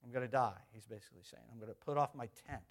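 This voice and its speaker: A man's voice: mid-range voice, racing. A middle-aged man preaching a conversational sermon as pastor, repeating phrases and putting questions to the congregation.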